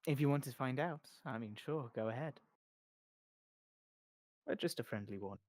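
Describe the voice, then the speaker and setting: A game master voicing the cool, guarded woman who heads a smuggling guild, speaking in a measured, evasive and faintly ominous way, in a tabletop role-play. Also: mid-range voice, animated, darkish tone, no echo, studio quality, close to an everyday voice.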